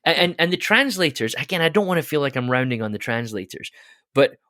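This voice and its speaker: A man co-hosting a podcast, talking through a scripture passage in a thoughtful, halting way with frequent restarts and laughs. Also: mid-range voice, animated, pushed and bright, dry recording, clean studio sound. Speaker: podcast co-host. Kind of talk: casual theological discussion.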